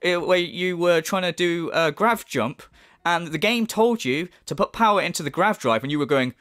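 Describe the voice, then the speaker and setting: A man's voice: on the high side, normal speed, a bit bright. A man giving a sarcastic, scornful commentary monologue as a YouTube commentator.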